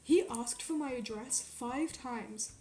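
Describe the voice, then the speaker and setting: A young woman from Quebec telling a story in a casual, animated way, swearing often and filling it with "like". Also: a little high, takes it slowly, echoey room. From Quebec, Canada. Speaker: streamer. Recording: faint music behind.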